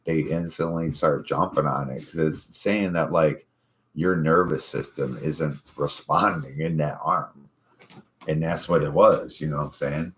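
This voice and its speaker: A man's voice: extremely low pitch, steady tone, unhurried, a bit bright, slight background noise. A man hosting a casual chat show, telling profane, rambling stories from his life. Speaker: podcast host.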